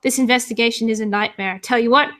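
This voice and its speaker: A woman doing a weary, complaining cop, rambling, bright voice, tabletop game. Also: a little high, fairly even intonation, fast, lightly acted. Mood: grumbling. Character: weary, grumbling male police officer.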